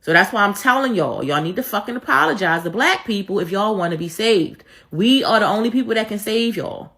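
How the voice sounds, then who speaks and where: A woman's voice: medium pitch, animated, fairly quick, fairly bright tone. A woman giving a blunt, profane rant, repeating her points with emphasis. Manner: repetitive, emphatic. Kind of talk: ranting commentary.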